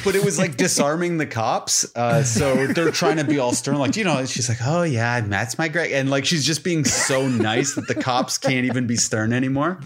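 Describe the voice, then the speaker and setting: A man telling stories in a relaxed podcast chat at an even, middle pitch. He jumps into the voices of the people he quotes, and the laughs come easy. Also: normal speed, hardly any pauses. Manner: animated storyteller who acts out quotes. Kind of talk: casual chat.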